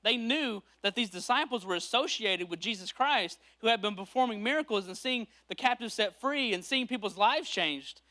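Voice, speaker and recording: Animated high-voiced male preacher. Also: normal speed, hardly any pauses. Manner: animated storytelling, acts out quoted voices. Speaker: pastor. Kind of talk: sermon.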